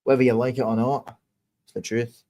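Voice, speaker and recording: A man from England hosting his own online show, talking casually to viewers in a combative, lecturing way, slow and deliberate, swearing often and repeating his points. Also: mid-range voice, level tone, warm tone. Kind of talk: casual monologue answering viewer comments.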